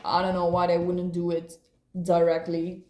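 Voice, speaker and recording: A woman's voice: on the low side, completely flat delivery, moderate pace, darkish tone, reverberant. A woman doing a casual, playful tarot card reading, rambling and laughing often.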